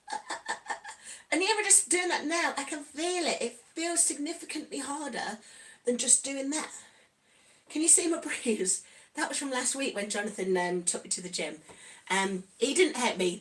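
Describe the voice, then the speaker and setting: A chatty, giggly woman vlogger from Nottingham, England, with an East Midlands accent, talks casually on a livestream and reads out viewers' comments. Her voice is a little high and fairly bright.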